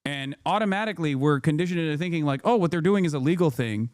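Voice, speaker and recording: A man's voice: fairly high pitch, lively intonation, fast talker, a little mellow, clean tone, dry recording, studio quality. A man hosting a political commentary stream, talking heatedly and emphatically, swearing often and repeating his points. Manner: heated, profane, emphatic and repetitive. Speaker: streamer host.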